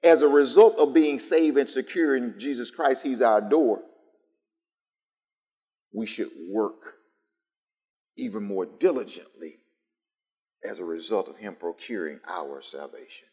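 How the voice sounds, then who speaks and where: A man's voice: mid-range voice, lively intonation, measured pace, pauses often, dark tone. A man preaching a sermon to a live congregation, building through emphatic repetition. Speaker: pastor. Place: church sanctuary, live-streamed. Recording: long church reverb.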